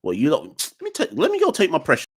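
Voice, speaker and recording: Male podcast host, young adult, lively ranting delivery. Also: on the high side, fast talker, slightly rough. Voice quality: animated, defiant, joking ranting. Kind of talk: live call-in show chat.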